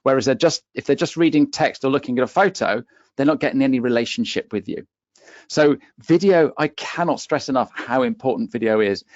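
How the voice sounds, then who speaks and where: Speaking with a West Country accent, a LinkedIn coach for accountants sits on a webinar panel, emphatic and hammering his points home with "okay?". His voice is medium in pitch and fairly quick, captured in a dry but muffled recording.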